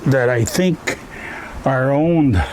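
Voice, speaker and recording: A man's voice: mid-range voice, very slow, very noisy. A Canadian man chatting casually in his woodshed as he stacks firewood, rambling in a folksy way and tagging "eh?" onto his sentences. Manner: rambling, folksy, ends phrases with "eh?". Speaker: vlogger.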